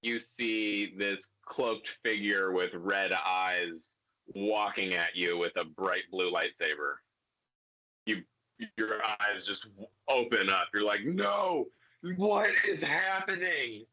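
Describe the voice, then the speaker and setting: A man's voice: deep voice, fairly even intonation, slow pace, bright, forceful tone. A young man narrating as game master of a tabletop game, loose and full of fillers. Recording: dull lo-fi home recording.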